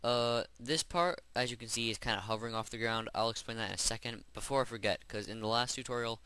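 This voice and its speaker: A man's voice: mid-range voice, quick pace, pushed and bright, clear, resonant tone, no room sound. A man hosting a game-building tutorial, chatting casually and rambling as he works through each step. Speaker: Minecraft tutorial host. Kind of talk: gameplay voice-over tutorial.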